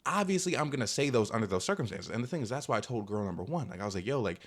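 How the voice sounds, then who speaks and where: A man's voice: mid-range voice, animated, rapid-fire. A young man vlogging, telling a rambling, defensive storytime full of filler words. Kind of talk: casual storytime monologue.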